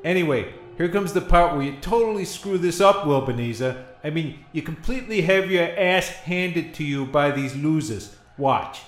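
A man's voice: fairly high pitch, animated, moderate pace, hardly any pauses, faint music behind, natural voice. A man playing a brash male ghost in a comic radio play, mocking everyone as losers. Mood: smug. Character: brash insulting male ghost, mogul impression. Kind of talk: comedy radio-play acting. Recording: roomy echo.

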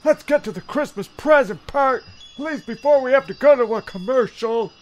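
A man heckling the play from offstage in a comedy sketch, gruff, impatient and exasperated. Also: very high voice, moderate pace, muffled recording.

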